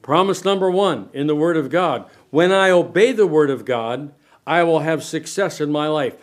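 Older male preacher, lively delivery. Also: fairly high pitch, moderate pace. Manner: animated preaching, asks the room questions, varies loudness a lot. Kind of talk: sermon. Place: church sanctuary.

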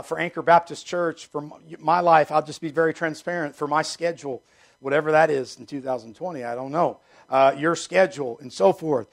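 A middle-aged male pastor preaching a sermon, emphatic and repetitive, swinging between loud declarations and hushed asides. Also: a little high, gravelly.

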